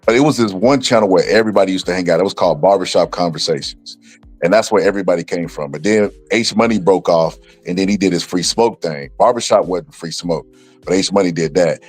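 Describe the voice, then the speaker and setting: A man co-hosting a casual livestream chat, retelling a story with animated quotes. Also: deep voice, fast talker, dry recording, soft background music.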